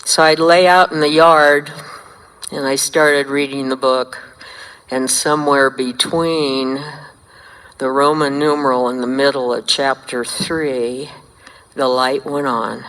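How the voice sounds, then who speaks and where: A woman's voice: a bass voice, takes it slowly, clean tone. Older woman sharing her story in a hall. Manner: lively storyteller, acts out dialogue. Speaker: speaker sharing recovery story. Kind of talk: recovery meeting share. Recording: long hall reverb.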